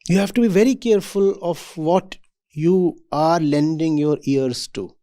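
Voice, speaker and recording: At a university event hall, a spiritual teacher lectures a room of students in a calm, deliberate way. His voice is mellow, warm, and a little high, and he stresses each point before posing a rhetorical question.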